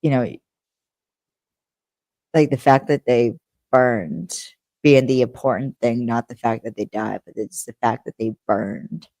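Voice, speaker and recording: A woman's voice: a bass voice, fairly even intonation, a little slow, long pauses, darkish tone, no echo. A woman co-hosting a podcast in casual chat, rambling with lots of fillers and laughing easily. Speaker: podcast co-host.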